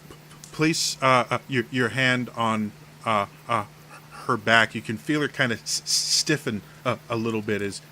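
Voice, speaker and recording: A man's voice: mid-range voice, moderate pace, pushed and bright, slight background noise. A man narrating a tabletop game as game master, stammering often on the first sounds of words.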